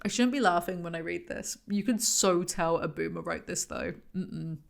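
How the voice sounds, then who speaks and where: A woman's voice: fairly low pitch, steady tone, normal speed, vocal fry. Female host for a comedic book review, sarcastic and mocking, reads excerpts aloud.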